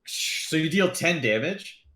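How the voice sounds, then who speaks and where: Lively, animated game master man. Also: on the high side, takes it slowly. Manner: loose, excitable narration full of fillers and laughs. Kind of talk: narrating a tabletop game over a call.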